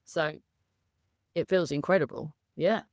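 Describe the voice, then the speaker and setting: A woman speaks candidly as an interview guest, her voice sitting on the low side. She talks in an effusive, emotional way, laughing often. The sound is dry and close. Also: a little slow, a little mellow, dry recording. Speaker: coaching client, guest.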